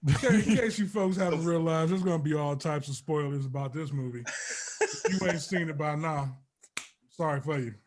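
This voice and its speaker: Male co-host, laid-back slangy teaser, higher register. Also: moderate pace. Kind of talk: casual chat.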